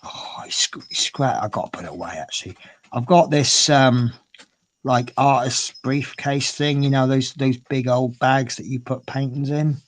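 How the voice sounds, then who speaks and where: A man's voice: mid-range voice, normal speed. A man chatting casually on a livestream from home, rambling and cooing at his cat. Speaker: streamer. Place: at home indoors.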